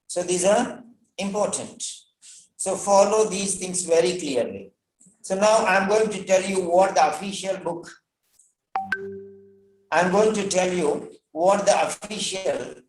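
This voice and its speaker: A man teaching an English exam class, stressing and repeating key words slowly. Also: high voice, darkish tone, echoey room, slight background noise, poor audio. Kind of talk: online class lecture.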